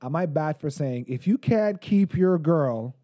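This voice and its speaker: A man from Canada co-hosting a podcast, chatting casually, excitable and joking with frequent laughs. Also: a little high, measured pace. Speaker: podcast co-host. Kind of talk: casual chat.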